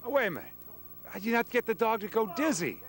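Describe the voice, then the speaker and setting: Excitable high-voiced sports anchor. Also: male voice, fast. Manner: lively, joking, exclaiming. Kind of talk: excited live TV sports segment.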